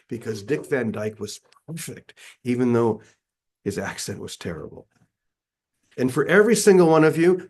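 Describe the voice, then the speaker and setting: Earnest man leading a spiritual session. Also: mid-range voice. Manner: warm, earnest, restarts words often. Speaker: spiritual teacher hosting an online session. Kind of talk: casual spiritual talk. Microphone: video call.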